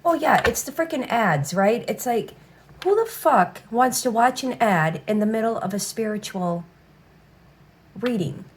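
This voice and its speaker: A woman's voice: fairly high pitch, expressive, measured pace, slight background noise. Blunt, swearing woman tarot reader. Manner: blunt, swears freely, repeats "all right". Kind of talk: casual tarot reading.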